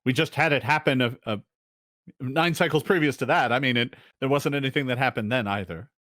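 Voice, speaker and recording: A man voicing a prickly female deep gnome guide who hesitates and restarts often. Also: fairly quick, fairly bright tone, dry recording, clean studio sound, lightly acted. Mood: matter-of-fact. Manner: hesitant, full of ums and restarts.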